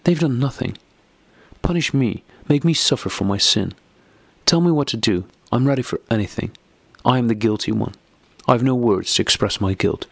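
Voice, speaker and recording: A man's voice: mid-range voice, normal speed, creaky, no room sound, pitched above the performer's own voice. Tearful guilty husband, read by a man. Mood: sobbing. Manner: pleading, piteous. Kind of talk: audiobook character reading.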